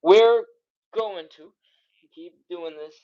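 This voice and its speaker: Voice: medium pitch, a little slow, narrow, tinny audio. A fitness instructor leading a live follow-along stretching workout, counting reps and chatting between moves, out of breath. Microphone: streaming setup.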